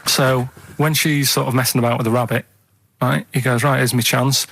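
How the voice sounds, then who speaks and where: A man from Manchester telling a rambling story on a radio show, halting and tacking "right?" onto his sentences. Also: mid-range voice, level tone, creaky, fairly bright tone. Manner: meandering, halting, keeps adding "right?". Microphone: studio microphone.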